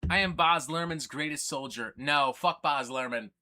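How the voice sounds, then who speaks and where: A man hosting a loose, joking livestream, swearing freely as he rambles. His voice is bright and lively, swinging up and down in pitch. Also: moderate pace, hardly any pauses. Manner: rambling, profane, jokey. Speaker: livestream host. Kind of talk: casual livestream chat. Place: record store.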